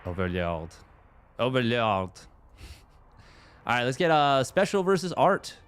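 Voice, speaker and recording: Canadian man, mid-pitched, easygoing game caster who chats with viewers. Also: slow, smooth. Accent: Canadian English. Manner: relaxed, chatty, answers viewers aloud. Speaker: tournament caster. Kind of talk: casual live commentary and chat reading.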